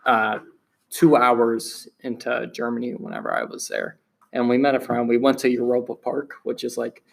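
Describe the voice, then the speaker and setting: A man co-hosting a podcast, telling stories in a relaxed way and laughing often. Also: mid-range voice, moderate pace, gravelly. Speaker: podcast co-host. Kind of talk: casual chat.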